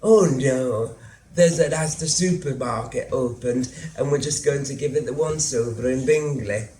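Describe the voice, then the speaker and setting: A man's voice: mid-range voice, measured pace, warm tone, a little hiss or hum, lightly acted. A male actor voicing a flighty, chirpy older mother who brushes things off airily. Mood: breezy. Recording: roomy theatre sound.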